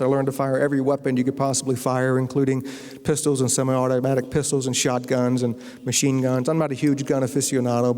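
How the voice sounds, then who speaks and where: A man from Virginia tells funny anecdotes to a university audience in a wry, conversational way. His pitch sits in a mid range. The sound carries the long echo of a big lecture hall. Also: dark tone. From Virginia, USA. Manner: wry storyteller, acts out quoted voices. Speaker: novelist giving a guest lecture.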